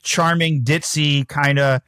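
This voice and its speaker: A man co-hosting a movie podcast, joking around and talking with animated energy. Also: on the high side, takes it slowly, clean tone, no room sound, clean studio sound. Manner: animated, jokey, acts out voices. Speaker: podcast co-host. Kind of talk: casual movie discussion.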